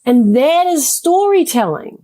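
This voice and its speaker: A middle-aged woman coaching on communication as an interview guest. She talks with lively energy and acts out quoted thoughts in a brighter voice. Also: high-pitched, a little slow. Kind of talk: interview conversation.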